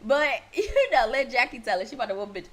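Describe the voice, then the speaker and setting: Sassy, profane high-voiced woman. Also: big pitch swings, fast. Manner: sassy, blunt and profane, laughs often. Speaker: TV show reviewer. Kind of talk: casual recap vlog.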